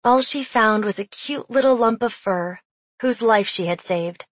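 A woman reading fantasy narration in an even, steady storytelling manner. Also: on the high side, unhurried, no room sound. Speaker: audiobook narrator.

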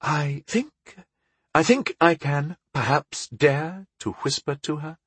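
A polite, hesitant young temple novice, with a man playing her. The voice is lifted and soft with a husky edge, and she falters over her words. The sound is dry and intimate. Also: fairly high pitch, slow, dry recording, voice pushed up, exaggerated voice. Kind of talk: audiobook character voice.

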